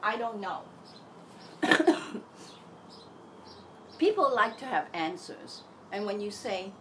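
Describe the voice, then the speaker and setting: A woman's voice: medium pitch, big pitch swings, slow pace, long pauses, noisy background. A middle-aged woman talking candidly in a casual monologue about her thoughts, acting out the voices in her head. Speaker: self-help teacher.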